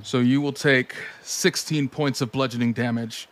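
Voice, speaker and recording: A man's voice: medium pitch, steady tone, normal speed, background noise. A man running a tabletop game as game master, laughing between calls. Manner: chuckles between rules calls.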